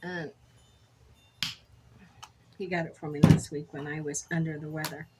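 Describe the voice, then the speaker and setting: A woman's voice: sits low, level tone, a little slow, heavy background noise. A middle-aged woman chatting casually while making beaded jewelry, telling rambling stories with self-corrections. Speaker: jewelry crafter. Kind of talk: casual crafting vlog chat.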